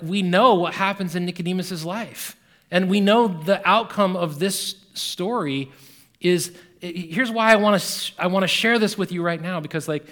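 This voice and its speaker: Animated conversational male preacher. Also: on the high side. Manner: conversational, animated, rises and drops in volume. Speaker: pastor. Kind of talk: sermon.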